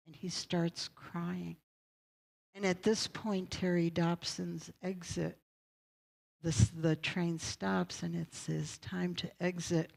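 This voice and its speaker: A woman's voice: on the low side, level tone, takes it slowly, gravelly, darkish tone, rough recording. A woman pastor giving a sermon, telling a story in a conversational way and checking in with her congregation.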